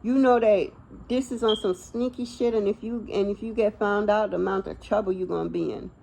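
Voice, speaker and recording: A woman's voice: mid-range voice, fairly even intonation, brisk, creaky, a little mellow, low-quality recording. A young woman giving a casual tarot reading, blunt and slangy, talking straight to the viewer. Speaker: tarot reader.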